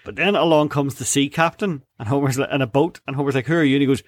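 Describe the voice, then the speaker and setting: A man chats on a podcast at a middle pitch, recorded dry and close. He retells a cartoon episode with animation, slipping into the characters' voices. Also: fast talker, hardly any pauses, dry recording. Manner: animated retelling, acting out quotes. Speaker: podcast co-host. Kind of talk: casual chat recapping a cartoon episode.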